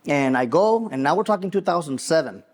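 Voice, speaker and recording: A man in his forties from Mexico, raised in West Texas, co-hosting a podcast and telling an earnest, animated personal story with frequent restarts. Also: fairly high pitch, a little fast. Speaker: podcast co-host, attorney.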